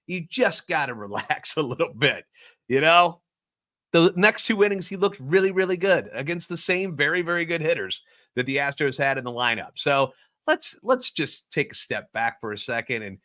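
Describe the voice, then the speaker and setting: A man's voice: on the high side, sharp tone. A man hosting a solo sports podcast, ranting sarcastically and animatedly about overreactions. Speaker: podcast host.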